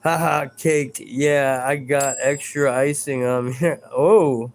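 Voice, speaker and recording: A man's voice: mid-range voice, little pitch movement, slow pace, a little hiss or hum. A man hosting a live stream in a casual, rambling chat, reading out viewer comments and stumbling over his words in a self-deprecating way.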